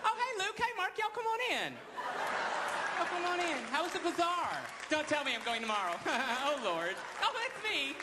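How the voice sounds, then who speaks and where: A man's voice: very high voice, very animated, moderate pace, very noisy, voice pushed up. A man voicing an effeminate, fussy Jesus with a put-on Southern drawl, gushing and gossipy, performed live in a comedy club. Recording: live club, loud crowd laughter.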